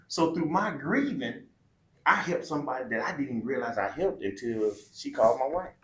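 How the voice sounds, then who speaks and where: A man's voice: medium pitch, lively intonation, fairly quick. A middle-aged man, a podcast guest, telling a heartfelt personal story in a candid, colloquial, emotional way. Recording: roomy echo.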